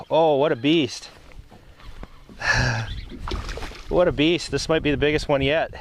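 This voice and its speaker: A man narrating casually while fishing from a boat on a lake, relaxed and chatty, breaking into excited whoops when a fish bites. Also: on the high side, measured pace, long pauses. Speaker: fishing vlogger.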